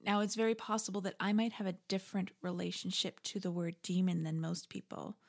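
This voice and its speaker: Wry woman with a gravelly voice. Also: on the low side, a little fast. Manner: conversational, wry, animated asides. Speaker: podcast host. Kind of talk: reflective spoken commentary.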